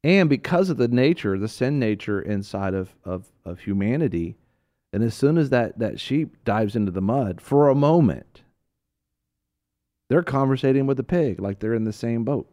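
A man co-hosting a Christian talk show, teaching in casual chat as an animated storyteller who laughs often. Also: mid-range voice, moderate pace.

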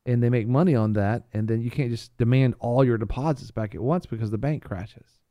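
A man on a talk show panel, talking casually in a rambling, animated storytelling way with frequent restarts. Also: medium pitch, brisk, dry recording, dull audio. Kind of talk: casual chat.

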